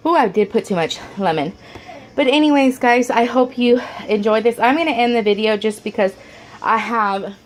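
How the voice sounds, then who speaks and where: Speaking at a normal pace in a higher voice, a mother of four chats casually to her camera indoors at home. She rambles with plenty of fillers and restarts, sounding homey and tossing in the odd "y'all."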